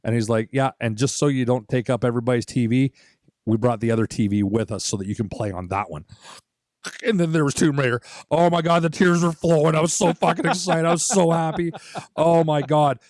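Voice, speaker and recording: A fortysomething podcast co-host, speaking a little fast in a mid-range voice, spins an animated yarn about a holiday when he was a kid. He swears plenty and mimics what everyone said, all in casual chat. The audio is studio quality, with no room sound.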